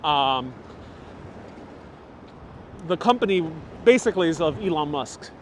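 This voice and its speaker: Man, live walking city tour, chatty with viewers, somewhat high-pitched, faint outdoor street noise, lapel mic. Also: lively intonation, measured pace. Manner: chatty, reads viewer comments aloud. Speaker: livestream city tour guide. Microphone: wireless lapel mic with phone on gimbal. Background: street ambience.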